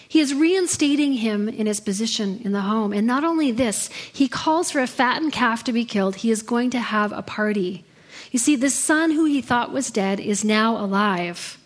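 A woman's voice: medium pitch, normal speed. A woman preaching a sermon in her thirties, telling stories in an earnest way. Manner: earnest storytelling delivery.

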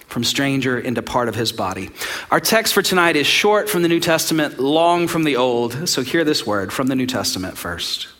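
A man preaching a sermon as pastor, earnest, with slow emphatic phrases that sometimes sink to a soft, quiet delivery. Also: medium pitch.

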